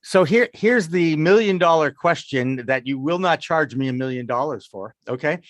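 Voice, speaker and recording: A man's voice: a little high, expressive, moderate pace, dry recording, studio quality. A man with a Boston accent hosting a live talk show in an upbeat, promotional way. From Boston area.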